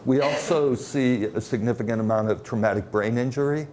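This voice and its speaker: A man presenting at a conference, telling stories in a halting way with many fillers. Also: mid-range voice, a little mellow, a little hiss or hum. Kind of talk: conference talk.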